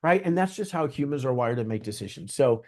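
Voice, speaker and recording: A man from Southeast Virginia, a realtor guest on a podcast, telling stories in an earnest, animated way. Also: medium pitch, brisk. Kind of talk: conversational interview.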